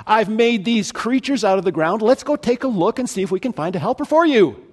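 A man's voice: high voice, expressive, brisk, voice pushed up. A man playfully voicing God as He parades the animals before Adam, bouncing through each one with exaggerated delight. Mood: coaxing.

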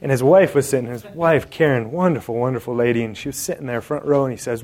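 A man's voice: medium pitch, fast, a little mellow. A man preaching a sermon, joking and talking straight to the congregation in an indoor hall. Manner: conversational and joking, addressing the congregation directly.

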